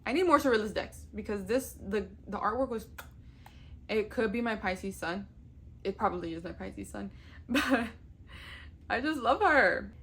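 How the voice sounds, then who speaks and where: A woman's voice: mid-range voice, normal speed, a bit bright, husky. A young woman chatting casually on camera as a vlogger, gushing, swearing freely and laughing often. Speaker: tarot vlogger. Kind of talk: casual chat.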